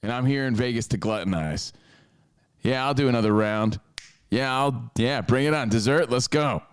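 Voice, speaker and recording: A man's voice: medium pitch, normal speed, clear, resonant tone, dry recording, clean studio sound. A man co-hosting a podcast in casual chat, joking crudely from a hotel. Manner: crude, jokey banter. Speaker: podcast co-host. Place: hotel in Las Vegas.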